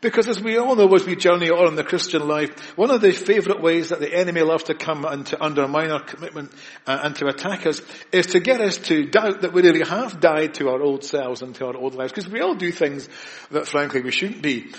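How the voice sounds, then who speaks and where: Emphatic preacher in a reverberant hall. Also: male voice, a little high. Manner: earnest, emphatic preaching with pauses and repetitions. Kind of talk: sermon.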